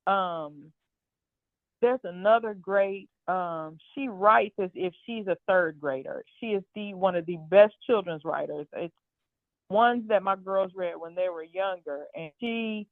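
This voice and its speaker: A woman guest in a casual conversation who speaks earnestly and with warm affirmation. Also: mid-range voice, unhurried, no room sound. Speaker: podcast guest. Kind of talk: casual chat. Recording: tinny phone-like remote line.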